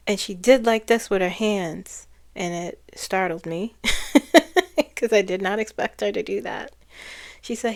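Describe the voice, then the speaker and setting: A woman psychic of medium pitch addresses her viewers earnestly while relaying channeled messages. Her delivery is marked by frequent pauses, restarts and repeated phrases.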